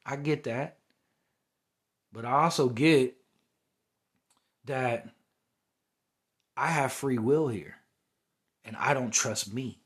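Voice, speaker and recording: A man's voice: mid-range voice, takes it slowly, long pauses, husky. A young man hosting a podcast, talking through a heated, rambling spiritual monologue that often circles back to "you know what I'm saying". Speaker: podcast host.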